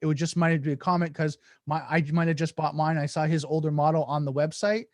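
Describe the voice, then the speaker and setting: A man's voice: fairly high pitch, steady tone, fast talker, no echo. A man guesting on a podcast, explaining in an earnest, casual way and acting out sample dialogues, with many restarts. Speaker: podcast guest, negotiation coach.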